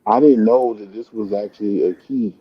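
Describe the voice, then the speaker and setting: A man's voice: fairly low pitch, moderate pace, breathy edge, no echo, highs cut off. A man hosting a casual live chat from a comic book store, talking on his phone in a laid-back, rambling way and calling everyone "man". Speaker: live stream host, comic collector.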